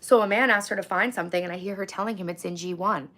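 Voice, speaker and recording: A woman in her thirties, hoarse from screaming, chatting casually on a phone live-stream and ranting bluntly with plenty of swearing. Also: medium pitch, fairly even intonation, fast, bright, forceful tone. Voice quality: gravelly. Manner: blunt, profane, ranting storyteller.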